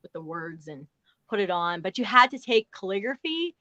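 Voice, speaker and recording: A woman joins as a guest in a casual chat. She talks in a relaxed way and often trails off. Her remote audio sounds dry and a little muffled. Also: medium pitch, moderate pace, dry recording. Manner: relaxed, laughs easily, trails off.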